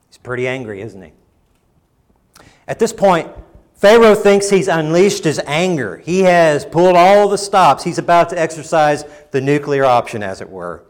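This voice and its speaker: With expressive delivery at a moderate pace, a pastor preaches, sometimes surging emphatically, sometimes going low and quiet. He occasionally plays out quoted lines in mocking voices.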